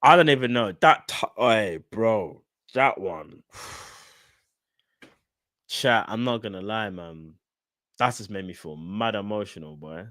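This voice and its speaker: A man's voice: on the low side, animated, moderate pace, fairly bright tone, no room sound, clean studio sound. Slangy man chatting to his stream. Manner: slangy, talks straight to chat. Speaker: fan channel host. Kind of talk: casual live-stream chat.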